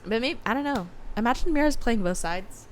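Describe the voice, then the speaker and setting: A woman's voice: on the high side, animated, fairly quick, slight background noise. A woman co-hosting a casual book podcast, giggly and swearing as she acts out quotes. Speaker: podcast co-host. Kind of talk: casual chat about a book.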